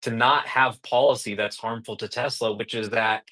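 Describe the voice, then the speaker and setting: Guy hosting a market show, bright punchy voice, casual and emphatic, slows down to hammer points. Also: medium pitch, fairly even intonation. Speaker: show host.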